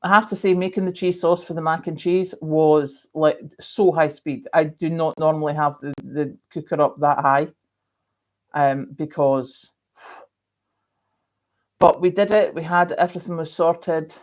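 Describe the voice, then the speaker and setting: A woman's voice: deep voice, fairly even intonation, unhurried, darkish tone. A woman hosting a casual live stream, chatting rambly and reading out viewer comments with lots of ums. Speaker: livestream host.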